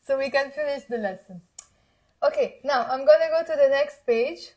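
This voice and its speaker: Lively Lebanese woman teaching Arabic. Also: sits high. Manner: lively, quizzes listeners, repeats words slowly. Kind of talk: live online language lesson.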